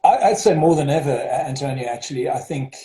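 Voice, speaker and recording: A mellow-voiced man with a South African accent speaks as a headmaster in an interview. He hesitates often, with fillers and restarts, and his voice sounds echoey in a roomy space. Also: mid-range voice, animated, brisk. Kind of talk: interview over video call. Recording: roomy echo.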